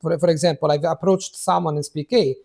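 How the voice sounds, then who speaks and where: Male coach, casual talk, animated, stammers and restarts. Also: on the high side, quick pace, creaky. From Italy. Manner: animated, stammering restarts, acts out quoted speech. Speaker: language coach and host. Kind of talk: casual conversation.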